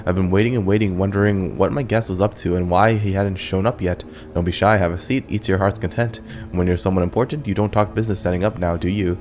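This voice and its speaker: A man voicing an ancient, flattering lich tyrant, read aloud plainly. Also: deep voice, fast talker, soft background music, natural voice. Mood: courteous.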